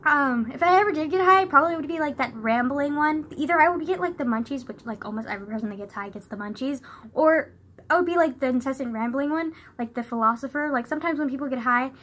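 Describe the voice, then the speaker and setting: Bright high-voiced young woman rambling. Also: fast talker. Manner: rambling, fills nearly every phrase with "like", laughs often. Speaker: vlogger. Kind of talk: casual rambling chat to camera. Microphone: phone camera.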